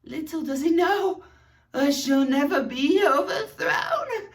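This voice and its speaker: A man's voice: very high-pitched, animated, takes it slowly, distant mic, pitched above the performer's own voice, heavily acted. A man putting on the voice of a grandiose, triumphant ruler, crying out his proclamations in an over-the-top way.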